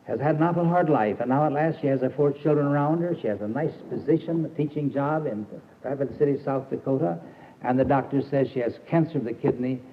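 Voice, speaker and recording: A man's voice: medium pitch, a little fast. An older man giving a folksy, emphatic sermon to a camp audience, with fillers and restarts. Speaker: preacher and camp founder. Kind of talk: old recorded sermon. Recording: tinny archival tape with faint hiss.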